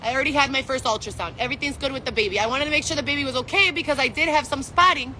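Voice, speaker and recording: Angry high-voiced woman ranting outdoors. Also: racing, sharp tone, slight background noise. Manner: angry, profane, ranting, rhetorical questions. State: pregnant. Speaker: vlogger. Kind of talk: emotional street vlog rant.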